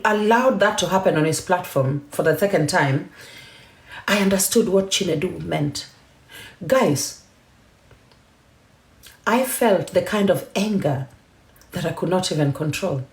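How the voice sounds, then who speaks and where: A woman's voice: fairly low pitch, echoey room. A woman from Kenya hosting a live stream, talking emphatically and defiantly, mixing English and Swahili. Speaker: TikTok live host. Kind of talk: heated live-stream rant.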